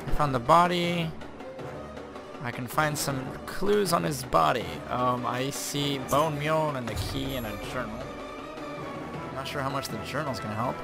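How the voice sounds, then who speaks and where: A man giving excitable, swearing commentary while playing a video game, with surprised yelps. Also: medium pitch, unhurried, vocal fry. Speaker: let's play gamer. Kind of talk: casual gameplay commentary. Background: game music.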